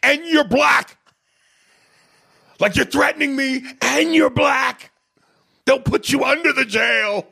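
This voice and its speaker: A man putting on a panicked older man who yells out in alarm, quoting a film scene. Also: extremely high pitch, takes it slowly, gravelly, pauses often, voice pushed up, exaggerated voice. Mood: panicked shouting. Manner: yelling, frantic.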